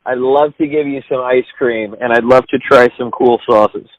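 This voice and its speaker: A man chatting casually on a podcast, relaxed and teasing. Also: mid-range voice, moderate pace, dry recording, muffled recording. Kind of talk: casual chat.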